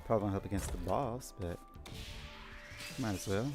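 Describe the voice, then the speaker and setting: A man giving low-key game commentary, musing to himself as he plays. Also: moderate pace, music in the background. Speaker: gamer.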